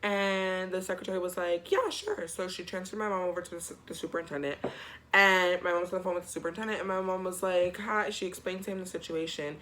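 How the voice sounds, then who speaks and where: A man's voice: sits high, flat delivery, fast, bright, forceful tone, a little hiss or hum. A young man telling a storytime vlog in a chatty, slangy, dramatic way. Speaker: vlogger. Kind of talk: casual storytime.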